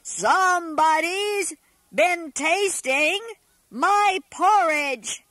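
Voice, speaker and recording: A big gruff father bear, as a woman storyteller puts him on, growls his lines loud and slow. The voice stays bright and high underneath the growl. It sounds like a storybook reading. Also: dry recording, heavily acted.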